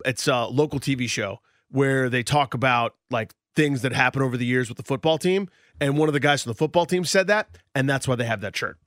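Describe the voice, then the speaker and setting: Male radio co-host, rapid animated storyteller, dry studio sound. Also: medium pitch, dry recording. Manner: animated storyteller, acts out quoted voices. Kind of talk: casual sports radio banter.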